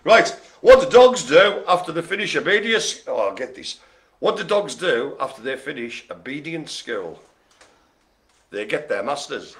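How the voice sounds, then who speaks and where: A man's voice: fairly high pitch, big pitch swings, moderate pace, a bit bright, a little hiss or hum. A man hosting a live bingo game, cracking puns, laughing often and rambling in chatty asides. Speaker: bingo host. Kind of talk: live-streamed bingo calling.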